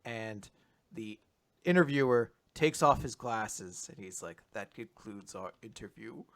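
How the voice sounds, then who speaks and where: A man's voice: lowish voice, lively intonation, fairly bright tone. A young man co-hosting a casual manga recap, summarizing chapters and acting out the characters' lines. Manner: acts out characters' lines in quick voices while summarizing. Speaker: podcast co-host.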